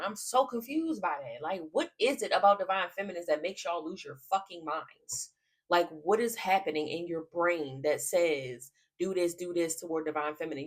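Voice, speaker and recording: A woman's voice: fairly low pitch, lively intonation, normal speed, breathy edge. A woman giving a casual tarot reading to camera, blunt and profane, often cracking up laughing. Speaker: tarot reader.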